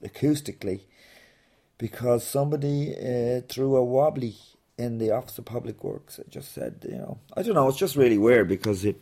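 A man with a voice of ordinary middle pitch tells a comic story in a loose, rambling way. He rants with plenty of sarcasm and swears freely, like a comedian hosting his own podcast. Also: moderate pace, darkish tone. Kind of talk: rambling comic monologue and interview.

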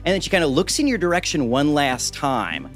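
A man running a tabletop game, narrating scenes with playful, animated timing. His voice sits a little high, and faint music plays underneath. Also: fairly quick. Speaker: game master.

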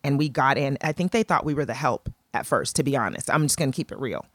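Low-voiced woman telling a lively story. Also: fast, no echo. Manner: animated storyteller, acts out quotes in a higher voice. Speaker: entrepreneur guest. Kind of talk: casual storytelling chat.

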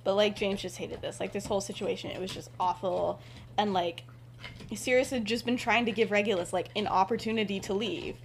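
A woman's voice: steady tone, brisk, gravelly, slight background noise. A woman casually retelling a fan story on a podcast, rambling with lots of "like" and "um" fillers. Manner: drops into soft, low asides.

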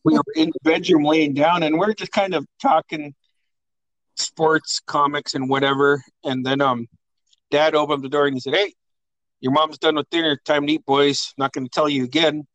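A man's voice: fairly high pitch, steady tone, moderate pace, a bit bright, dry recording, poor audio. A young adult man hosting a podcast, telling family stories in a casual, profane way and often laughing. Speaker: podcast host.

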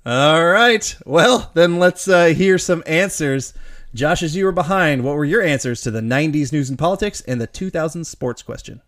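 A man's voice: a little high, animated, normal speed, fairly bright tone. An upbeat man hosting a casual trivia game show, laughing easily.

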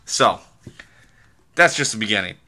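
A man's voice: fairly low pitch, animated, unhurried, sharp tone. A young adult man from the American Midwest hosting a casual solo podcast, telling rambling stories full of fillers and restarts. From Midwest United States. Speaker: podcast host.

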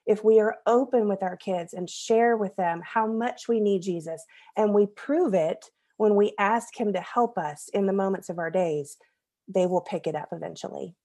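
A woman's voice: medium pitch, moderate pace, warm tone. A woman in her thirties, a podcast guest, telling a personal story in an earnest, conversational way and laughing at herself now and then.

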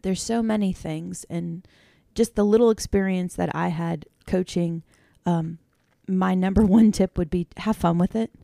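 A woman's voice: on the low side, measured pace, vocal fry, warm tone, no room sound, clean studio sound. A woman co-hosting a podcast, chatting reflectively about coaching kids. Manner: chatty, reflective, many fillers. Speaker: podcast co-host. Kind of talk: casual chat.

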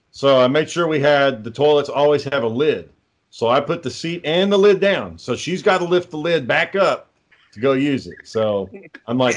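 A man's voice: mid-range voice, expressive, normal speed. Profane, dry-humored man telling stories. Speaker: co-host. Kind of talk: casual podcast chat.

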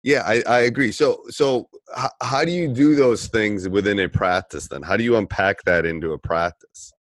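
A man's voice: lowish voice, normal speed, dry recording. A middle-aged man hosting a podcast, eagerly prompting his guest and repeating key points. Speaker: podcast host. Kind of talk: casual podcast interview.

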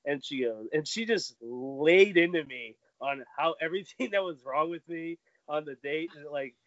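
Guy laughing thru his dating stories, kinda high voice, dull lo-fi sound. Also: moderate pace, no room sound. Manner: animated, laughs often, acts out quotes in a higher voice. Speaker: podcast guest. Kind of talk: casual storytelling chat.

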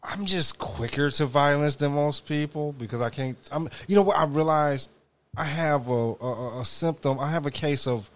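A man's voice: fairly high pitch, moderate pace. A man co-hosting a casual podcast, reacting to stories with blunt, profane remarks. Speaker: podcast co-host.

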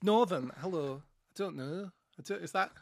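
A man's voice: high-pitched, moderate pace, gravelly, a little hiss or hum. A man co-hosting a podcast in casual chat, camp and playful, often laughing. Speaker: podcast co-host.

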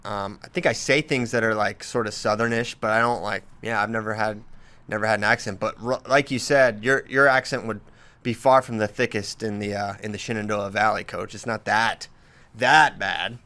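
A man's voice: fairly low pitch, steady tone, normal speed, sharp tone. A man hosting a casual podcast, reading listener questions and teasing his co-host with frequent laughs. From Southern US.

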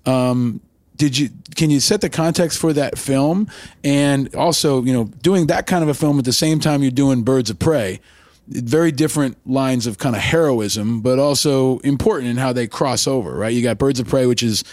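A man's voice: medium pitch, moderate pace, darkish tone, no echo, studio quality. Enthusiastic man asking long questions. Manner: enthusiastic, asks long rambling questions with restarts. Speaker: podcast host. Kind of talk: interviewer.

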